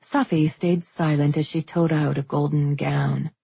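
A woman narrating a fantasy novel as an audiobook, in steady, unhurried storytelling. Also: deep voice, gravelly, husky, no room sound.

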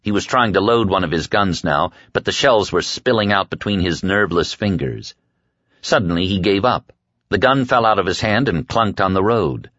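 A man reading an audiobook in a measured, dark storytelling manner. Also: low-pitched, dry recording. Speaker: audiobook narrator. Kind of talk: scripted audiobook narration. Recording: dry dull lo-fi audio.

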